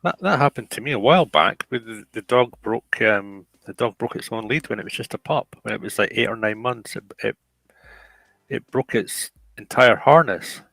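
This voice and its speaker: A middle-aged man in casual chat, rambling and halting with many restarts. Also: mid-range voice, animated, creaky, a bit bright, no room sound, low-quality recording.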